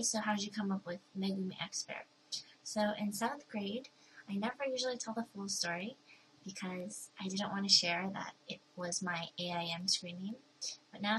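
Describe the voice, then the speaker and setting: A woman's voice: mid-range voice, fairly bright tone, slight background noise, poor audio. A young woman in her twenties chatting to her viewers in a casual Q&A vlog, bubbly and talkative, with playful voices for the people she quotes. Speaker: vlogger. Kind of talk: casual talking-to-camera Q&A.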